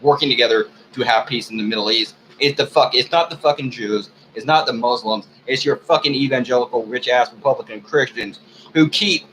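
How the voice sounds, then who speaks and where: An American man in an angry, unscripted rant, talking heatedly and profanely and often clearing his throat. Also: mid-range voice, a little fast, a bit bright, slight background noise, low-quality recording. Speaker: video blogger.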